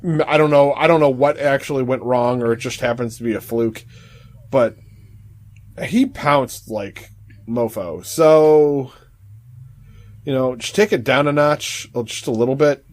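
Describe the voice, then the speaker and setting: A man co-hosting a wrestling podcast in casual chat, relaxed and filling his pauses with "uh" and "um". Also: medium pitch. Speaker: podcast co-host.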